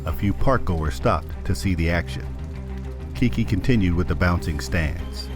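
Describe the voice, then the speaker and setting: Male audiobook narrator, very low pitch, measured and even delivery, faint music bed. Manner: measured, steady storytelling. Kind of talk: scripted narration.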